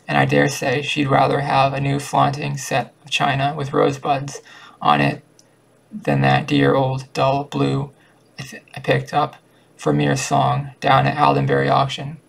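A man's voice: mid-range voice, creaky, breathy edge, full character voice, poor audio. A man reading a fussy older spinster. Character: fussy older spinster woman, talkative and proud.

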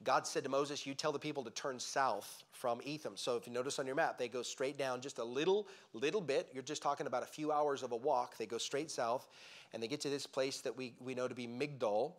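A man teaching a Bible lesson in a church, telling the story with lively emphasis and frequent restarts. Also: medium pitch, fairly quick. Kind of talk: sermon-style Bible teaching. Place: church sanctuary.

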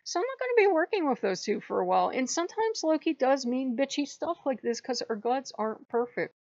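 A woman's voice: high voice, very animated, brisk, darkish tone, no echo, highs cut off. A woman hosting her own channel, upset and close to tears, venting in a rambling, swearing rant. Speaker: channel host. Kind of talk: emotional personal vlog rant.

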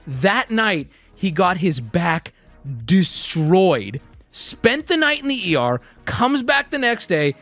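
Animated, lively-voiced male streamer storyteller. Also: high-pitched, no room sound. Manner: animated, profane, laughs often. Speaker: streamer host. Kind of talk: casual storytelling.

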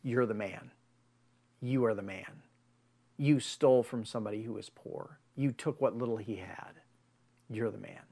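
Pastor playing a stern old-time male prophet, lower and grave. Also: moderate pace, creaky, pauses often, dark tone. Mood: accusing.

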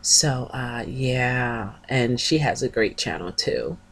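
A woman vlogger talks in a low, deep-set voice, taking her time as she chats. She gushes warmly about other channels and stops to spell out names letter by letter. The tone stays casual and conversational throughout. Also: slow, slightly rough. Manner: chatty, gushing, spells out names. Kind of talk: casual chat, shouting out channels.

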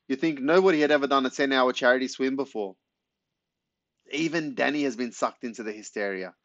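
A man reads a first-person children's story with lively, animated delivery and sudden leaps in pitch. His voice sits in a middle register. The recording is dry and close, with a slightly dull top end. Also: no room sound. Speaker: audiobook narrator. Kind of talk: scripted first-person narration. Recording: dry, slightly muffled studio read.

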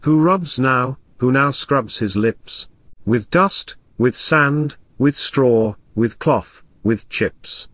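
A man's voice: mid-range voice, slow pace, fairly bright tone, no room sound, clean studio sound. A man reading the part of a foolish, lovesick young parish clerk, pleading with flowery endearments. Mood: wooing.

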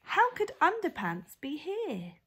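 A woman reading a rhyming picture book aloud to children in an expressive, sing-song storyteller manner. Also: extremely high pitch, slow. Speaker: storyteller for a family charity.

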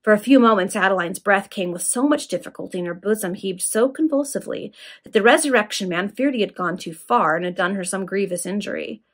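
A woman's voice: medium pitch, a little fast. Woman reading an old novel aloud. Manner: plain, steady reading among friends. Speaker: reader.

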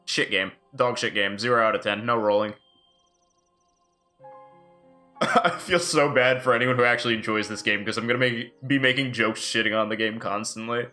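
A man's voice: mid-range voice, steady tone, normal speed, sharp tone, soft background music. A man streaming a video game live and chatting casually, joking and swearing freely as he plays. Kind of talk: casual live gameplay commentary.

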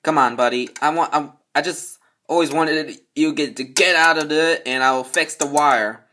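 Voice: mid-range voice, moderate pace, pushed and bright, close to an everyday voice. A hobby performer voicing a male building repairman in an amateur toy role-play, rambling and full of fillers. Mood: puzzled.

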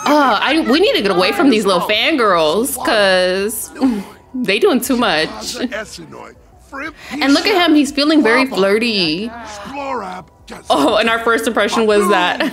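A young woman narrating her game in casual commentary, with a fairly high voice that swoops up and down. She talks straight to her viewers in an animated way and laughs often. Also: slow, long pauses, over music. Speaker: let's play host.

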